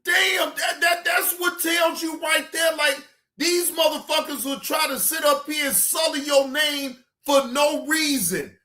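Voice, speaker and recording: A livestream reaction host ranting at a viewer in the chat, profane and heated, often breaking into shouts and repeating dismissive goodbyes. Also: high-pitched, unhurried, faint music behind. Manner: repetitive dismissive sign-offs.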